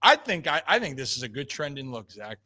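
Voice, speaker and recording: A man's voice: mid-range voice, fairly quick. A man hosting a casual talk show, joking with his co-hosts and reading an ad. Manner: loose, joking, animated. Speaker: show host. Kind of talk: casual chat and ad read.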